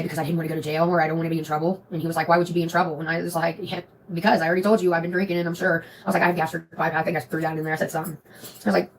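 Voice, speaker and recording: A woman telling a story to her stream viewers in a profane, animated way. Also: lowish voice, low-quality recording. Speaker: livestream host.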